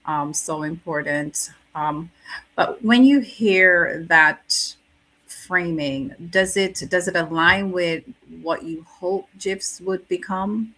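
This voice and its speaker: A woman hosting a talk show, speaking slowly in a bright, rather low voice. She asks her guests measured questions. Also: low-quality recording.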